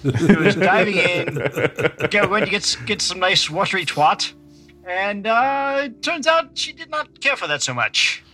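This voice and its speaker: A man recapping a tabletop game in casual, profane, animated storytelling. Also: high-pitched, unhurried, music in the background. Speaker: player.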